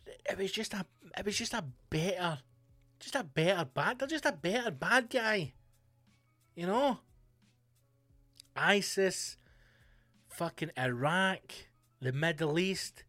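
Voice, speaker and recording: Profane, excitable man ranting. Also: sits high, no room sound. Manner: profane, animated, mocking asides. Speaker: podcast host. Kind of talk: solo comedic rant. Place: home studio bunker.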